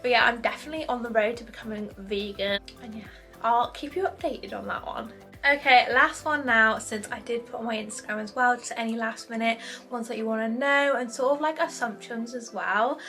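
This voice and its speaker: A woman's voice: on the high side, a little fast, sharp tone, soft background music. A young woman chatting casually on her vlog, answering viewer questions with lots of fillers and giggles. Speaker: YouTuber. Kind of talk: casual chat.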